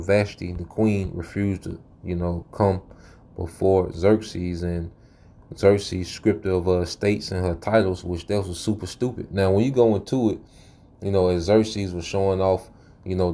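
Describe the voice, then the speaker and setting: Preachy man with a dark mellow voice. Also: deep voice. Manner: preachy, repeats "man" and "okay"; frequent laughs and fillers. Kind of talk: casual monologue.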